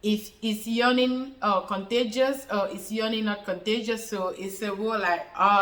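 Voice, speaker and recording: A woman's voice: medium pitch, fairly even intonation, fairly quick, few pauses, a bit bright, roomy sound, poor audio. A woman giving a casual health explainer, repeating herself often, with many fillers and chatty asides.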